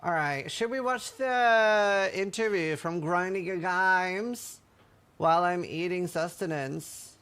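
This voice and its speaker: A man's voice: sits high, slow, fairly bright tone, clear, resonant tone. A man streaming casually, joking and chatting with his viewers. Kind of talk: casual livestream chat.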